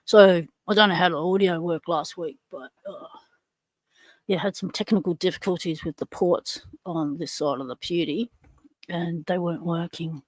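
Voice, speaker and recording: A woman's voice: lowish voice, fairly even intonation, moderate pace, no room sound, studio quality. A middle-aged Australian woman hosting a casual livestream, chatting and greeting viewers by name. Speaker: livestream host.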